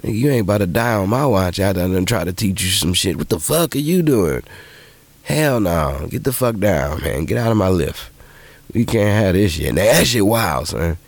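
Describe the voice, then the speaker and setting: A man hosting a podcast who tells profane, animated stories in casual monologue and jumps into high voices when he quotes people. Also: normal speed, creaky, breathy edge, no room sound. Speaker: podcast host.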